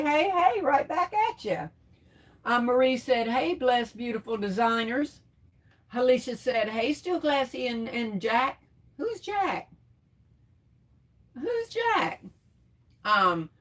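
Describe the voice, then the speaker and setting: A middle-aged woman chats through a crafts livestream in a slightly high voice. She reads comments aloud and answers each viewer with easy terms of endearment. She laughs often as she talks. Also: a bit bright. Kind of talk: casual live chat, reading comments.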